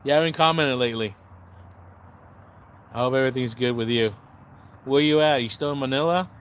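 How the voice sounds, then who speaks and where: A man's voice: mid-range voice, fairly quick, a little hiss or hum. A man hosting a casual livestream, chatting to viewers in the comments, sarcastic and rambling, swearing freely and often losing his train of thought. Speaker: livestream host.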